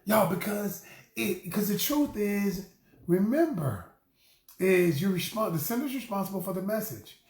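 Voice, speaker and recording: A middle-aged man coaching on relationships in a lively, preachy way, often turning to his listeners with a friendly y'all. His voice sits high for a man. The sound carries a noticeable room echo. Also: a little slow. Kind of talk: motivational talk to camera.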